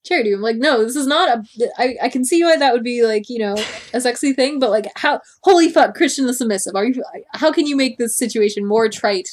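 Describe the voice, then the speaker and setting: A young woman co-hosting a casual podcast, chatting and reading book passages aloud with animated voices. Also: on the high side, brisk, hardly any pauses. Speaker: podcast co-host.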